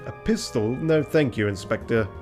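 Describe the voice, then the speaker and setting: Prim rooster lawyer read by a man, formal, polite, mid-pitched, faint music behind. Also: expressive, moderate pace, a little mellow, lightly acted. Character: proper male rooster lawyer, fussy and polite.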